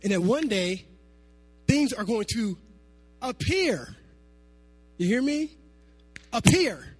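A man preaching a sermon to his congregation, animated and conversational, dropping to quiet asides and then climbing to loud, emphatic peaks. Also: high voice, takes it slowly, husky. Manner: animated, swinging from soft asides to shouting. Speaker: pastor.

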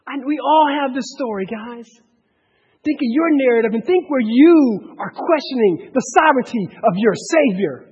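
A man preaching a sermon as pastor, swinging between shouted points and hushed asides. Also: very high-pitched, moderate pace, slightly rough. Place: church hall. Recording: dull, echoey hall recording.

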